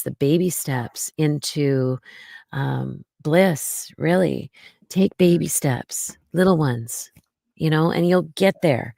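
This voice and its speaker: A woman with a low, gravelly voice talks slowly and reassuringly as a podcast guest, sprinkling her speech with fillers. The sound is close and dry, with no room in it. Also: dry recording. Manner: slow, gentle and reassuring, with many fillers. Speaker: podcast guest, mommy domme. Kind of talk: casual interview talk.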